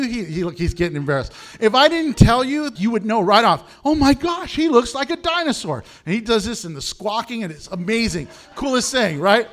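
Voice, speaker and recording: High-voiced animated man preaching. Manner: animated, laughs often, swings from low to high. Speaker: pastor. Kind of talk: sermon.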